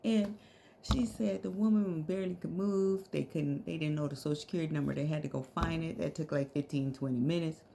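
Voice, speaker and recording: A woman's voice: low voice, fairly even intonation, a little fast, creaky, warm tone, a little hiss or hum. A middle-aged woman telling a story to her viewers in a casual, slangy way, laughing often.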